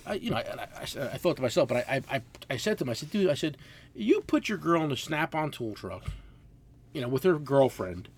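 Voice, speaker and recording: A middle-aged man, a tool truck dealer, telling a long story in casual chat, swearing freely and acting out both sides of the conversation. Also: a little high. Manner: profane, animated storyteller acting out quotes.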